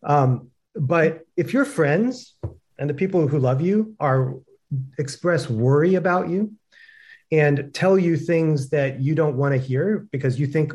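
A man's voice: fairly high pitch, measured pace, a little mellow. A man talking casually on a webinar, chatty and full of fillers, telling stories with animation. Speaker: co-host. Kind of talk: webinar talk.

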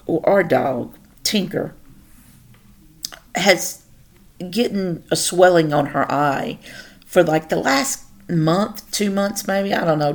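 A woman's voice: sits low, creaky. A woman hosting a podcast alone, chatting and rambling through personal stories, swearing casually. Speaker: podcast host. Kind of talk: casual solo storytelling monologue.

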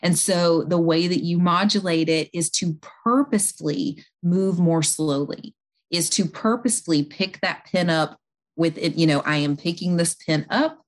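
A woman speaking as an interview guest, calmly explaining and talking through everyday examples. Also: on the low side, normal speed. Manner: calm, explanatory, talks listeners through examples. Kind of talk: conversational advice.

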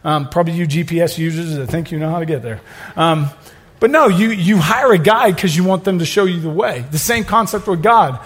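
Man preaching a sermon, high voice, middle-aged pastor, storytelling with joking asides. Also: a little fast, slightly rough. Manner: storytelling, humorous asides, builds to loud exclamations.

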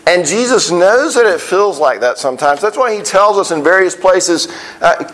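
Pastor guy giving a sermon, voice a bit on the high side, earnest, stumbles and repeats words. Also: animated, fairly bright tone, rough recording. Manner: earnest, repeats words when starting phrases, slows on key lines.

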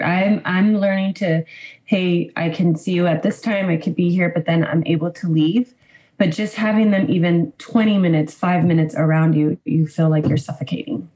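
A woman guest telling a counselor about her family, speaking haltingly with many fillers. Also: fairly low pitch, warm tone, rough recording. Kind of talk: personal account in conversation.

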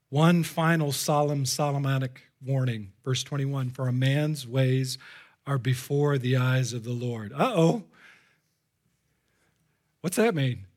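Man, pastor preaching to a congregation; slightly high-pitched, lively delivery that jumps from exclamations to hushed asides. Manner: animated, swings between loud exclamations and hushed asides. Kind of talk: live sermon. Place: church before a congregation.

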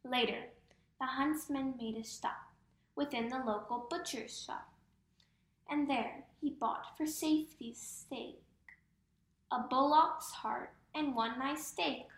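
A woman reads a comic rhyming story in a high, bright voice, and she leans playfully on each rhyme. Her pace is slow and deliberate, and the recording sits in a roomy, echoing space. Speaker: narrator. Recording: roomy echo.

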